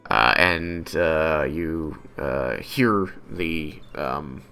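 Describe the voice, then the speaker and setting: Deep bright-toned guy running a tabletop game, slow and animated, lots of uhs. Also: clear, resonant tone, faint music behind. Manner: hesitant, filler-heavy, lively storytelling. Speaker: game master.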